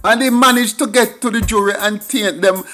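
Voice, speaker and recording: A man's voice: high-pitched, normal speed, bright, forceful tone, soft background music. A middle-aged man with a Jamaican accent tells a story in an emphatic monologue, slipping into patois for asides. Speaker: commentator.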